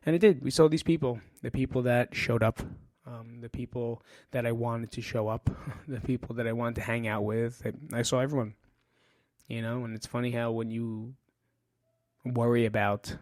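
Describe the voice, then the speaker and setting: A man's voice: medium pitch, fairly even intonation, moderate pace, darkish tone, no echo, studio quality. A man hosting a podcast, speaking frankly in a casual, personal monologue about his grief. He swears often and often trails off and restarts his sentences. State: grieving. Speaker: podcast host.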